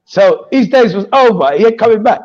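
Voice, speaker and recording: DJ, high lively voice, laughs through his stories, muffled recording. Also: brisk. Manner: lively storytelling, frequent laughter. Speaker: DJ guest. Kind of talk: casual podcast chat.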